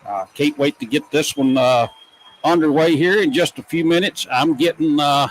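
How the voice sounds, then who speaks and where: A man calling a high school football game play by play, folksy and excitable. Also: moderate pace, rough recording. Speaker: play-by-play announcer.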